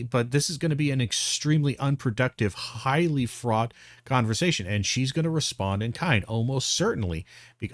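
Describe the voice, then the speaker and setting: Streamer, man, mid pitch, dry close sound, blunt and profane, exasperated commentary. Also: no echo. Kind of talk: reaction commentary.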